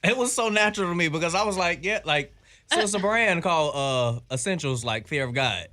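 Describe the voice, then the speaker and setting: A man's voice: a little high, expressive, brisk, bright, forceful tone. A laid-back man chatting on a morning show and laughing often. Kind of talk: casual morning show banter.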